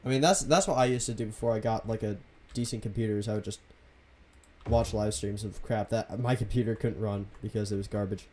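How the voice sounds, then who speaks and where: Laid-back streamer man, dark mellow voice. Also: on the low side, brisk. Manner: laid-back, soft half-whispered delivery. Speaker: game streamer. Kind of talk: casual live-stream commentary.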